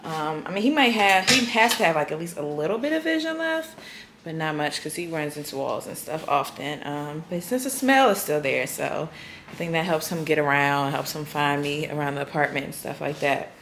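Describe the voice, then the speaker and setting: A woman's voice: sits low, lively intonation, moderate pace, a bit bright, echoey room, slight background noise. A young woman vlogging in a casual, rambling way, with a congested voice. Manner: chatty, rambling with many fillers. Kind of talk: casual vlog chat.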